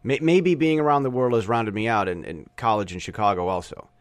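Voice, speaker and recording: A man's voice: fairly low pitch, fairly quick, no echo. A man with a Michigan accent, a podcast host giving an opinionated, rambling monologue with many restarts. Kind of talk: casual monologue.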